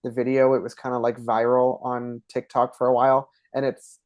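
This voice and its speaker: A man's voice: mid-range voice, monotone, normal speed, darkish tone, no room sound. A man from Ontario with an Eastern Canadian accent, chatting as a podcast guest and acting out word pronunciations as he explains them. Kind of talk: casual interview conversation.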